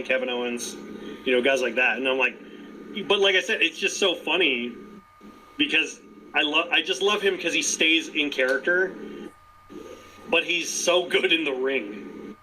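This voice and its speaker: A man co-hosting a podcast in casual chat, animated, laughing often and trailing off into restarts. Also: fairly high pitch, normal speed, a little hiss or hum, poor audio. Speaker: podcast co-host.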